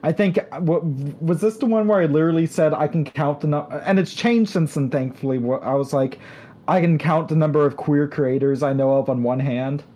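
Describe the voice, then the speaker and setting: A woman's voice: low voice, moderate pace, warm tone. A woman co-hosting a podcast, telling a rambling story in casual chat, full of fillers and restarts. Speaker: podcast co-host.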